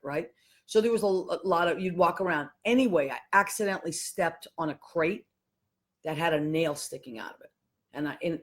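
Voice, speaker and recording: A woman, hosting a podcast and telling a family story in a casual, animated way, acting out the voices of the people in it. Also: lowish voice. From Boston, USA. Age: 50s. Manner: animated, acts out voices of people in her stories. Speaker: podcast host.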